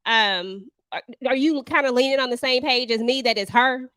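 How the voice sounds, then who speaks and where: A woman's voice: high-pitched, normal speed, fairly bright tone, clean tone, no room sound. Chatty woman co-host leading questions. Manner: leads questions, laughs at herself. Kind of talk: casual chat.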